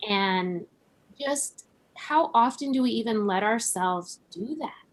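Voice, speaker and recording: Here a woman appears as a guest on a podcast, musing in a laid-back exchange. Her voice runs a bit high and she takes her time, laughing often and leaning on "like" and "right?"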